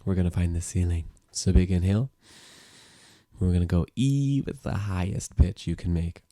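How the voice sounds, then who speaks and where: A man's voice: deep voice, normal speed, warm tone, no echo, studio quality. A man working as a music teacher and sound therapist, guiding listeners through voice exercises in an easygoing, rambling way full of fillers.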